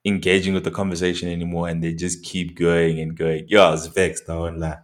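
A man's voice: sits low, level tone, fairly quick. A young South African man with a South African accent, chatting casually as a podcast co-host, laid-back and slangy with plenty of swearing. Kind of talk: casual chat.

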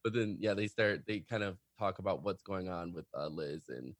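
A man co-hosting a casual TV recap podcast who talks in a relaxed way, with lots of fillers and agreeing replies. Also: deep voice, normal speed, no echo, clean studio sound. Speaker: podcast co-host.

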